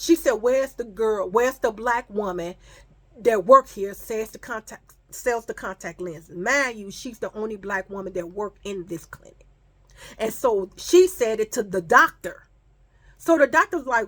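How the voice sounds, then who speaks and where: A woman's voice: a little high, a little slow. A pregnant woman telling a storytime vlog in a casual, profane way, acting out the people she quotes, and she says she feels sick and foggy. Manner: animated, profane, acts out the people in her story.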